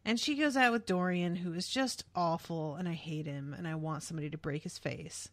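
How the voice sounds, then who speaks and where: A woman co-hosting a podcast, recapping a show in casual chat, blunt and quick to curse. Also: lowish voice, no echo. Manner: blunt, swears freely. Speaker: podcast co-host.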